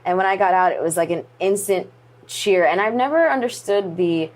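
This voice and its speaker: Animated woman telling a story. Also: mid-range voice, normal speed. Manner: animated, acts out quoted dialogue. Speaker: guest. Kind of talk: casual interview storytelling.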